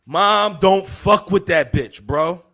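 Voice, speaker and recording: A young man with a high, gravelly voice speaks slowly as he co-hosts a podcast. In casual, profane chat he tells a story with plenty of animation, acting out the people he quotes.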